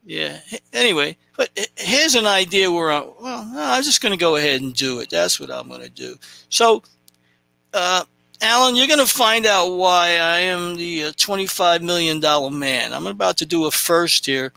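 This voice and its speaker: A man's voice: high voice, sing-song, moderate pace, gravelly, sharp tone, dry recording. A man hosting a casual podcast, bantering loosely and joking about himself. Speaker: podcast host.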